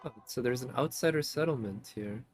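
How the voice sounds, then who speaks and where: A man's voice: mid-range voice, fairly quick, faint music behind. A man giving casual gameplay commentary as a streamer, chatty and thinking aloud, often laughing. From United States.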